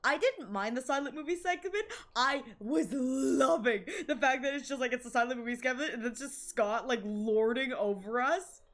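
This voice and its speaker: Giggly excitable young woman streamer. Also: high voice, moderate pace, few pauses. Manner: excitable, giggly, swears freely. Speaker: game streamer. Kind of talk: casual game-stream chat.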